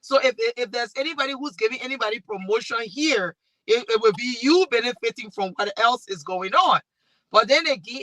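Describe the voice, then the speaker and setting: A woman with a Liberian accent, speaking on a discussion panel and telling stories in a lively way with many restarts. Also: fairly high pitch, fairly quick, no echo, poor audio. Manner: animated storytelling with restarts. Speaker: talk show host and panelist.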